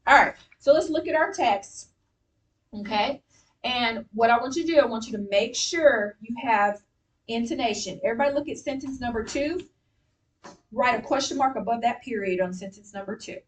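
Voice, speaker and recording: A woman teaching a classroom reading lesson, encouraging and clear as she gives instructions. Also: on the high side, moderate pace. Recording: distant mic with faint noise.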